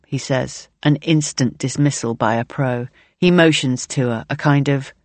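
A woman reading a novel aloud in measured, present-tense audiobook narration. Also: extremely low pitch, dry recording.

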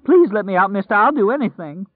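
A man performing a broken, starving prisoner who pleads in a high, quavering whine for an audiobook. The voice sits far above a plain man's register. The sound is dry and thin, as if heard through a phone line. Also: animated, moderate pace, dry recording. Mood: pleading, terrified. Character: starving terrified male prisoner, whiny and desperate.

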